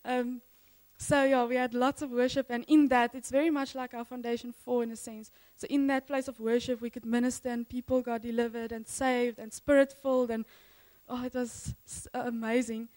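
High-voiced woman, eager rambling church testimony with frequent laughs. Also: little pitch movement, moderate pace, a little mellow, rough recording. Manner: enthusiastic, rambling, laughs often. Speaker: church member sharing mission testimony.

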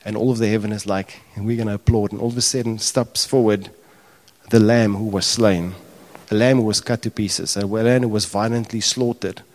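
A man preaching a sermon, talking casually to his congregation and building to impassioned, near-shouted questions. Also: fairly low pitch, steady tone, normal speed. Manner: conversational asides to the congregation.

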